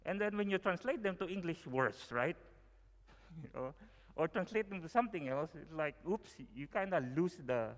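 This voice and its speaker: A man's voice: a little high, animated, normal speed. A young Filipino man with a Filipino accent, giving a chatty sermon full of fillers and "you know". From Philippines. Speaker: guest preacher. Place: church hall. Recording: long hall reverb.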